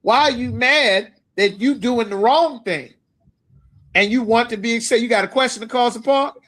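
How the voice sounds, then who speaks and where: A man teaching a scripture class, speaking emphatically and asking his listeners if they understand. He reads verses slowly, then explains them in everyday talk. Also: very high-pitched, fairly bright tone. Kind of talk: scripture lecture.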